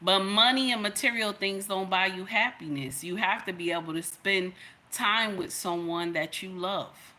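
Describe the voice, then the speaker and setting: Middle-aged woman, bright and emphatic, preaching advice to her livestream audience. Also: medium pitch, normal speed. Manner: emphatic, sermon-like, addresses viewers directly. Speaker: livestream host giving relationship advice.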